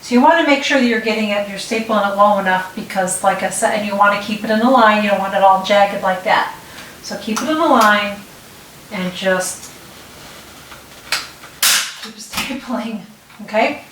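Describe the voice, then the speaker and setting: A woman's voice: medium pitch, moderate pace, pauses often, fairly bright tone. Chatty middle-aged woman, roomy distant sound. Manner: chatty, talks while working, frequent restarts and "okay?" check-ins. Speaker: DIY tutorial host. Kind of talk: casual step-by-step demonstration. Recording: roomy, distant mic with faint noise.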